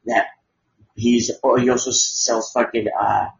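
A man's voice: medium pitch, level tone, unhurried, creaky. A man hosting a podcast, talking in a rambling, sarcastic way and swearing freely. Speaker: podcast host. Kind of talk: casual crude chat. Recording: dull lo-fi audio.

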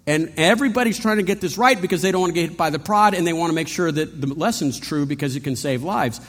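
A man's voice: a little high, quick pace, few pauses, fairly bright tone. A man preaching a sermon in a conversational way, asking rhetorical questions and adding playful asides. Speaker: pastor. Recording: long reverb of a large hall.

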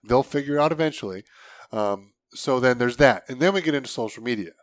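A man's voice: medium pitch, fast talker, no room sound. A man in casual conversation, blunt and opinionated, swearing freely as he argues his points. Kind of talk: casual podcast chat.

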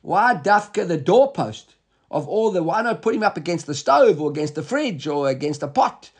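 A man's voice: high-pitched, very animated, moderate pace, breathy edge. A man giving a Talmud lesson, reading Hebrew and Aramaic phrases and explaining them in English, often checking in with "right?". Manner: rhetorical questions, repeated "right?". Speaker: Talmud teacher.

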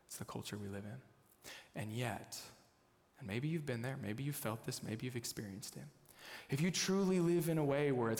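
A young man from the United States preaching a sermon as a pastor, telling a family story with lively, excitable bursts. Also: mid-range voice, brisk. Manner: storytelling, animated, jumps to loud excited bursts. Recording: long hall reverb.

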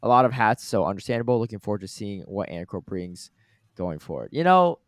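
A man's voice: fairly low pitch, lively intonation, fairly quick, dry recording, clean studio sound. A man hosting a podcast in a chatty, casual way, reading out listener comments and reacting to them. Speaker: podcast host. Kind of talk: casual chat.

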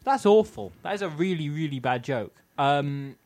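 A giggly man from Wales hosting a casual comedy chat. His voice sits high and swings widely, full of animated bounce. He often breaks into laughter. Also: moderate pace, no echo. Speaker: podcast host.

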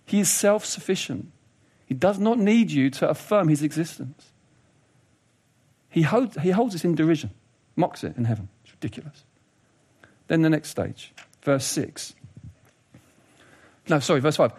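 A man delivers a sermon in an easy, conversational way. His voice sits a little high and moves a lot, rising and falling as he plays with jokes, asides and mock voices. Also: moderate pace, slightly rough. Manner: conversational, animated, does funny voices and asides. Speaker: preacher.

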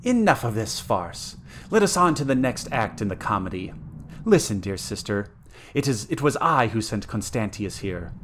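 A man's voice: lowish voice, sing-song, normal speed, fairly bright tone, slight background noise. A man voicing a cruel, scheming young witch princess in a dramatic story reading, with a gloating, mocking delivery.

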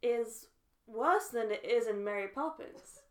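A woman's voice: a little high, a little slow. An English woman co-hosting a podcast, chatting casually and joking, often slipping into silly mock accents. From Britain. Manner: jokey, slips into mock accents. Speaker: podcast co-host. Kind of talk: casual chat.

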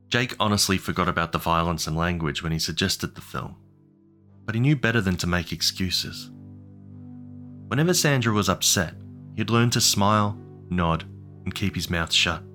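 Low-voiced male horror narrator. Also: sharp tone. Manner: measured, ominous storytelling. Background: music.

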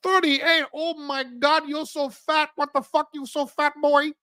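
A crude, brash male shopkeeper with a put-on Chinese accent, blurting insults in a high, squeaky voice, as a man puts him on. The delivery is loud and mocking. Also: flat delivery, a little slow, dry recording, heavily acted.

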